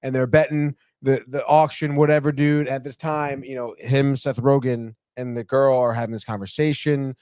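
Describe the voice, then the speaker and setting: A man's voice: medium pitch, little pitch movement, moderate pace, hardly any pauses, darkish tone, smooth, no room sound, clean studio sound. A man co-hosting a podcast, retelling a TV episode in a loose, profane way and saying "dude" and "whatever" a lot. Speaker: podcast co-host. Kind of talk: casual chat, retelling a TV episode.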